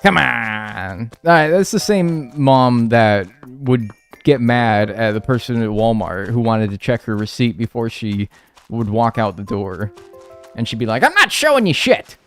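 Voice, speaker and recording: A man's voice: medium pitch, unhurried, a little mellow, clean tone, soft background music. A man in his twenties chatting casually and profanely with his viewers while playing a game, rambling and trailing off into mumbles. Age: 20s. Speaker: streamer. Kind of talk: casual chat while gaming and reading chat.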